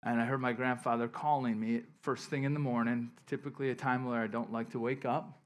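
A man preaching a sermon, telling a personal story in a casual, conversational way, dropping to soft asides and rising to emphatic bursts. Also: medium pitch, flat delivery, fairly quick. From western New York. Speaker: pastor.

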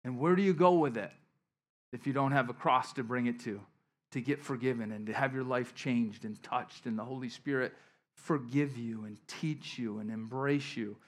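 A middle-aged man from western New York preaching in a loose, storytelling way. His voice sits in a middle pitch, falling quiet for asides and climbing louder when he drives a point home. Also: moderate pace. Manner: conversational storytelling preacher, swings from soft asides to emphatic bursts. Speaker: pastor. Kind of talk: sermon.

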